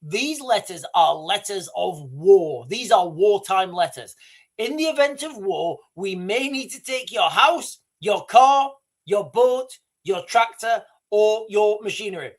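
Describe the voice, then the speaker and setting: A man's voice: high voice, animated, measured pace. A man in his thirties from the United Kingdom, hosting a casual livestream, rambling and chatty as he talks to viewers. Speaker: livestream host.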